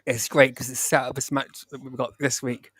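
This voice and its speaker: A man's voice: medium pitch, level tone, moderate pace, fairly bright tone, breathy edge. A man co-hosting a wrestling review podcast, agreeing readily and stumbling over his words. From United Kingdom. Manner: stammering, agreeable back-and-forth. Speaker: podcast co-host. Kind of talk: casual wrestling review chat.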